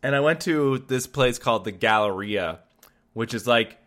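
A man's voice: mid-range voice, expressive, moderate pace, fairly bright tone. A man in his thirties co-hosting a casual chat, adding playful jokes and asides. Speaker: podcast co-host.

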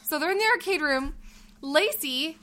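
A woman co-hosting a podcast, telling a story in a casual chat, animated and laughing, acting out the lines she quotes. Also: high voice, normal speed. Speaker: podcast co-host.

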